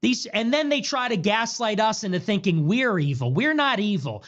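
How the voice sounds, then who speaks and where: A man's voice: high voice, very animated, normal speed, fairly bright tone. A man delivering an angry, profane, preachy rant on a livestream. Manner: furious, profane, preachy tirade. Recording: dull lo-fi clip audio.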